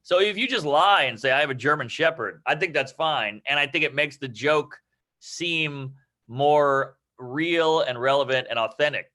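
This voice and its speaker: A man coaching comedy, riffing loosely on joke ideas and acting out quick bits of dialogue. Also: on the high side, bright, forceful tone. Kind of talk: casual joke workshopping.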